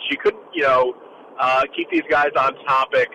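A man talking casually as a political commentator, animated and jokey, with quick asides. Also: medium pitch, muffled recording, slight background noise.

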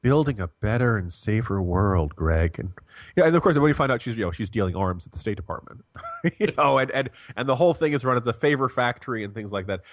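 A man's voice: mid-range voice, animated, quick pace, dry recording, clean studio sound. A man from New Jersey, a guest commentator in a casual political chat, talking sarcastically and repeating words for comic effect.

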